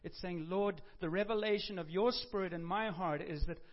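Male preacher, high voice, urgent and fervent sermon delivery, dull muffled sound. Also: moderate pace. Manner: impassioned, swinging from loud urgent appeals to quiet reflective prayer.

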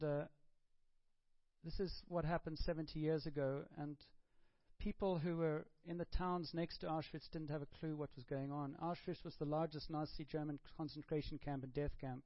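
A man's voice: on the high side, highs cut off. A man preaching a sermon in a conversational way, often stopping and repeating words.

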